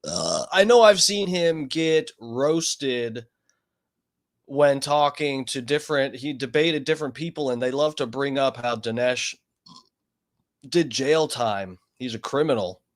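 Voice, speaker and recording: A man's voice: medium pitch, lively intonation, unhurried. A man casually commenting on a debate during a live stream, offhand and swearing as he trails off mid-thought.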